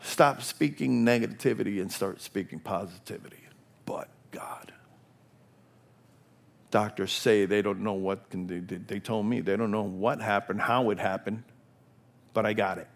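The speaker is an older man giving an impassioned, repetitive sermon that swings from quiet whispers to loud, mounting exclamations. His gravelly voice is fairly low, and his pace is moderate.

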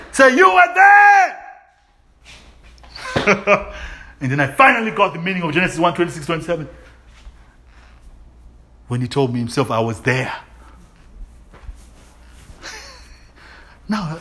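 Exuberant male preacher, highish bright voice, call-and-response style. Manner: call-and-response questions, laughing, exuberant shouts. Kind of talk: sermon.

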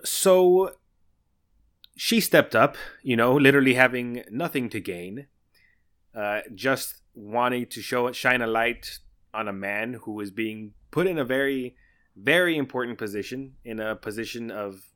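A man's voice: mid-range voice, fairly bright tone, smooth. A man co-hosting a podcast, talking in an indignant, casual way and laughing between points. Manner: indignant, laughing, fast restarts. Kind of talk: casual chat.

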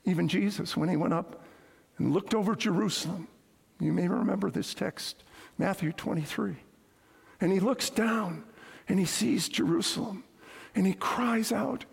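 A male pastor preaching a sermon, telling stories and acting out quoted lines, sometimes dropping to a hushed tone. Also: high-pitched, normal speed, creaky, breathy edge, big-room sound. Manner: storytelling, acts out quotes, drops to hushed tones.

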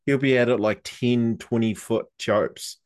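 A man's voice: medium pitch, steady tone, a little slow, darkish tone. A young adult man with a New Zealand accent, co-hosting a podcast, telling surf stories in a rambling, laid-back way and swearing freely. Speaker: podcast co-host. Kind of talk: casual storytelling chat.

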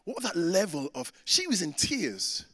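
A man's voice: high voice, huge pitch swings, moderate pace, fairly bright tone. A man in his thirties preaching a sermon, telling a personal story and acting out the voices in it. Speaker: pastor. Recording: reverberant hall.

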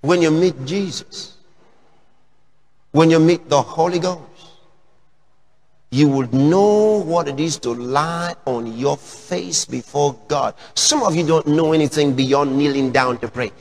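A male pastor preaches in a high-pitched voice, firing questions at his listeners and leaping from shouts to quiet asides. The sound carries the long reverb of a large church hall. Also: slow pace. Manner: emphatic, questioning, swings from shouts to low asides. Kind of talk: sermon.

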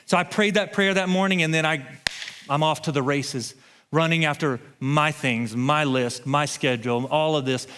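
A man's voice: on the high side, normal speed, a bit bright, smooth, long reverb tail. A man preaching a sermon, telling a personal story in a conversational way and building to emphatic scripture reading. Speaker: pastor.

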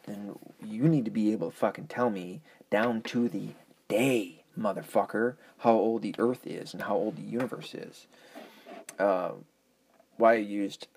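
A man's voice: lowish voice, a little mellow, slight background noise. A man ranting in a casual monologue, profane, rambling and argumentative, often correcting himself.

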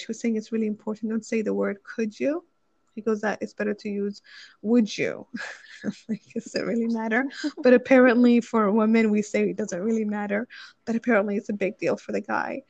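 A woman's voice: medium pitch, vocal fry, darkish tone, no echo. A woman casually summarizing a relationship book, chatty and rambling, with many fillers and restarts, and acting out quoted lines in little voices. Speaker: book reviewer. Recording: dry, slightly muffled recording.

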